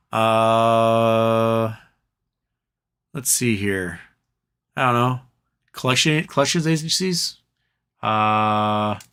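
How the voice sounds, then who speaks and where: Hosting a casual live stream, this man wanders between subjects and reads viewers' messages out loud. His voice is mid-range and a touch bright, and it's starting to sound worn out.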